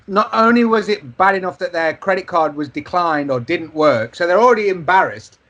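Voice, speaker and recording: A man's voice: high voice, animated, moderate pace, fairly bright tone, muffled recording. A man co-hosting a podcast, telling sweary anecdotes in casual chat. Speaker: podcast co-host.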